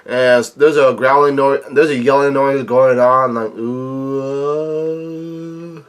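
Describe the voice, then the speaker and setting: A man hosting his own reaction video, reading comic panels aloud and adding asides. His voice sits at an ordinary middle pitch. He stumbles and restarts words often as he goes. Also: flat delivery, smooth. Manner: halting, frequent restarts and fillers.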